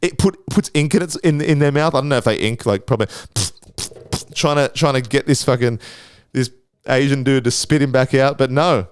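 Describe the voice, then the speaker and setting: A man's voice: medium pitch, normal speed, smooth. Rambling, foul-mouthed Australian man. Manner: rambling, crude, heavy swearing, many restarts. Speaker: podcast host. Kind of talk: casual solo podcast monologue.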